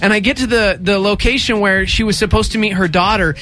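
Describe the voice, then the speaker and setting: Young male radio host, high bright voice, lively storyteller who acts out quotes. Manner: animated, acts out voices in quotes, quick bursts. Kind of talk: casual storytelling chat.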